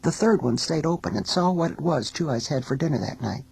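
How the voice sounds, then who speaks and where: A woman teacher telling a folk tale in a recording studio, as an expressive storyteller. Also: sits low, creaky, breathy edge, low-quality recording. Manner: expressive storyteller, sings small refrains slowly.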